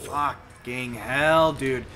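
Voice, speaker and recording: A man's voice: medium pitch, extremely slow, bright, forceful tone, slight background noise. A young man co-hosting a let's play, ranting profanely and in exasperation at the game. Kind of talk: gaming commentary.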